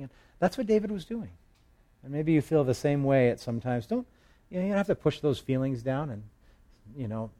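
A male pastor teaching through the Psalms in a relaxed, conversational way, reading verses aloud with emphasis and slipping in light humor. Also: medium pitch. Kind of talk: expository Bible teaching.

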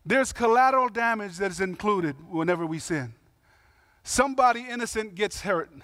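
A Samoan-heritage pastor with a high-pitched voice delivers his sermon at a moderate pace, easygoing and conversational. He punctuates it with emphatic points, slangy asides and quotes he acts out. The sound is dry and close, lacking any room echo.

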